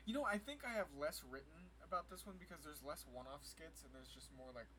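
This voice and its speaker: A man in casual podcast chat, excitable, laughing a lot and chiming in with swearing. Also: on the high side, brisk, noisy background.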